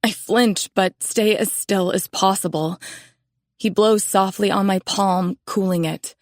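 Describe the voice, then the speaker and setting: Female romance audiobook narrator, calm and measured, dry close mic. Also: medium pitch, no echo.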